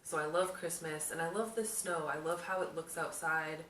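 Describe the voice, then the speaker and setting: A young woman chatting casually to camera, answering questions about herself in a lively storytelling way. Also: deep voice, normal speed, a little hiss or hum. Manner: chatty, animated storytelling with laughs. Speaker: vlogger, homemaker. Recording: echoey room, mic at a distance.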